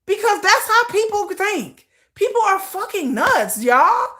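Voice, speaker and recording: A woman's voice: very high-pitched, big pitch swings, measured pace, bright, forceful tone. A woman hosting a casual livestream, ranting with profanity and acting out dramatic quoted voices. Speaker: livestream host.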